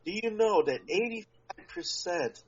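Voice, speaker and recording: A man's voice: sits high, lively intonation, breathy edge. A man co-hosting a podcast in casual chat, talking at length and leaning hard on his points. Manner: talks at length with emphatic, drawn-out points. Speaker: podcast co-host. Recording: dull lo-fi podcast audio.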